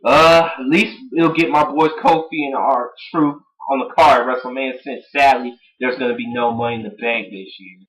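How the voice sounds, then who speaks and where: A man giving a casual recap of a wrestling show as an excitable fan, chatty and full of fillers. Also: mid-range voice, normal speed, few pauses, low-quality recording. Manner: excitable, bursts into shouting and laughter, chatty with fillers.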